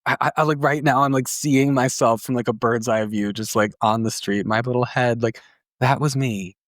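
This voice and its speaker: A man's voice: mid-range voice, fairly even intonation, normal speed, no room sound, studio quality. A man, a therapist hosting a podcast, telling a personal story in a casual, emotional way, with lots of "like" fillers and some swearing. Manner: emotional, inward.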